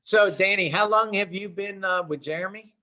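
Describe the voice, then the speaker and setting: A man's voice: sits high, moderate pace, pushed and bright, a little hiss or hum. Upbeat chummy man hosting a trading room. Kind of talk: casual live trading chat.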